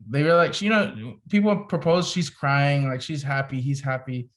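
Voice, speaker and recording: A young man talks on a podcast as a photographer guest, recounting a story with animated, casual energy. He peppers his sentences with "like" and keeps the tone relaxed and conversational. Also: medium pitch, moderate pace. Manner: animated storyteller, heavy use of "like".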